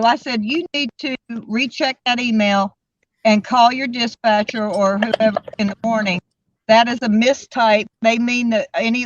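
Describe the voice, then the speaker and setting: Chatty woman on a lo-fi stream. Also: fairly high pitch. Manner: chatty, laughs often. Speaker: co-host of a livestream. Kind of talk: casual group chat. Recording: dull lo-fi stream audio with faint hiss.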